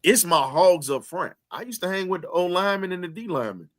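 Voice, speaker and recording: A man's voice: sits high, expressive, quick pace, a bit bright. A man hosting a heated sports talk show, speaking with an emphatic, preaching cadence and repeating phrases to drive points home.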